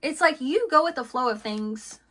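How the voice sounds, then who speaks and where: A woman's voice: high-pitched, expressive, moderate pace, a bit bright. A woman giving a casual tarot reading, rambling and chatty with lots of fillers and restarts, laughing between thoughts. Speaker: tarot reader.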